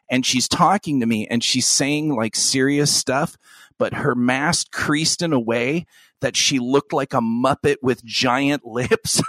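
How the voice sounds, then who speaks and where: A man co-hosting a podcast in casual chat, animated, laughing often and mimicking voices. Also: medium pitch, dry recording. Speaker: podcast co-host.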